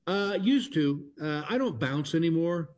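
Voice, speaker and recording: A man's voice: a little high, animated, measured pace, darkish tone. A man, a comedian guest telling self-deprecating stories in a casual interview, full of fillers and restarts. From Texas. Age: 60s.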